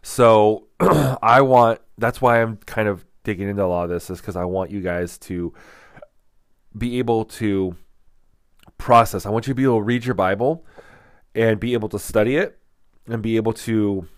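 A man's voice: on the low side, normal speed, no echo, clean studio sound. A man giving a casual, rambling church teaching talk, full of "like" and restarts. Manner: rambling, many "like" fillers and restarts; candid, storytelling.

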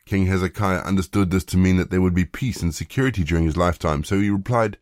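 Deep-voiced man reading scripture. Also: fast talker, few pauses, a little mellow, no room sound, studio quality. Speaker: scripture reader.

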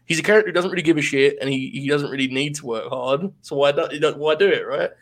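A man's voice: a little high, quick pace. A man co-hosting a podcast in casual chat, laughing often, swearing and rambling through asides. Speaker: podcast co-host.

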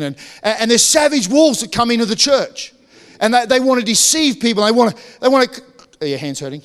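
A man delivering a sermon in a church, with a fairly high voice. He keeps things conversational, cracks asides to the congregation and restarts his sentences often. The sound carries a long reverb from the church hall. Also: expressive, brisk, clear, resonant tone. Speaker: pastor.

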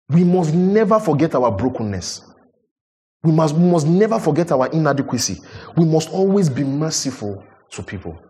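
A middle-aged man preaches, his voice sitting in a middle pitch. He presses his points hard, climbing into loud rhetorical questions and then dropping low for quiet asides. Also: big-room sound. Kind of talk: sermon.

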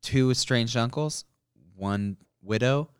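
A man co-hosting a casual podcast, trading quick jokes with his friend. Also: mid-range voice, slight background noise. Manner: quick, joking banter. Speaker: podcast co-host. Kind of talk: casual chat.

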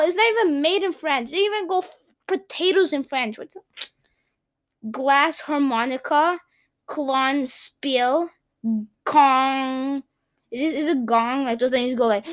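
A young woman chats casually to her viewers. Her voice sits a little high, and she rambles, giggles and stumbles over unfamiliar words. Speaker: vlogger.

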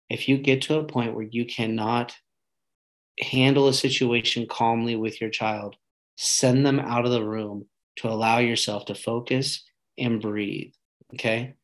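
Man, podcast host, casual advice monologue, earnest, reflective, medium pitch. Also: steady tone, measured pace, poor audio. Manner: earnest, reflective, often asks "right?".

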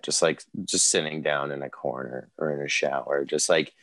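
A man's voice: a bass voice, steady tone, normal speed, vocal fry, hardly any pauses, a bit bright, no echo. A man in a casual music podcast chat, rambling and full of filler words as he talks about guitar playing.

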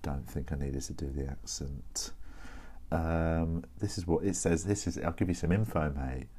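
Very deep-voiced chatty man. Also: steady tone, normal speed, dark tone, husky. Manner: rambling, chatty, self-correcting. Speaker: podcast host. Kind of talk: casual solo chat. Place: at his desk.

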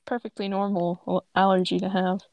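A woman's voice: medium pitch, little pitch movement, fairly quick, gravelly, dry recording, muffled recording. A woman co-hosting a podcast, reading a story aloud in a casual, chatty way, breaking off for tangents and asides. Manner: chatty, self-interrupting, with tangents.

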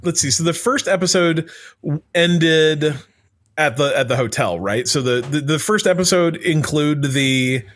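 A man's voice: a little high, measured pace, a bit bright. A man co-hosting a casual chat, rambling with many restarts and fillers. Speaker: podcast co-host.

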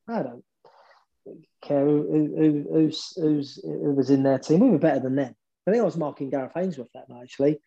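Man, former football manager, interview guest, dark mellow voice, animated, repeats words, dull lo-fi audio. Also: fairly high pitch, normal speed, creaky. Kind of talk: storytelling interview.

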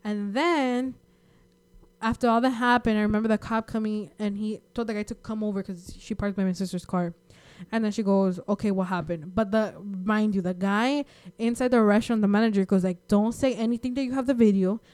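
Young woman with a smooth voice. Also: medium pitch, moderate pace. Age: young adult. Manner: rambling animated storytelling. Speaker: storyteller. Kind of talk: casual chat.

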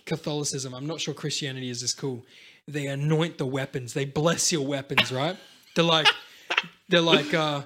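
A man's voice: a little high, normal speed. A man, telling long rambling stories in casual, profane chat. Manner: rambling, profane, animated storytelling. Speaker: podcast co-host.

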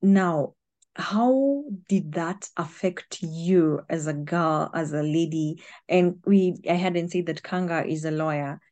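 A woman hosts an interview in a lowish, warm voice. She speaks gently and hesitantly, often stumbling and restarting her phrases. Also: takes it slowly. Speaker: podcast host. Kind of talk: interview hosting.

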